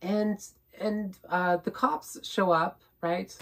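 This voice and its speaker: A woman vlogger rambles through a personal story, repeating herself and tacking on "right?" as she grows more indignant with each point she drives home. Her mid-range voice moves slowly with fairly even intonation.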